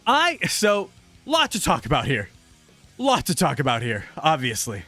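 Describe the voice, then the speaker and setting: A man reacting live to news on his stream, loud and hyped, shouting and laughing until he is out of breath. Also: high voice, sing-song, normal speed, soft background music.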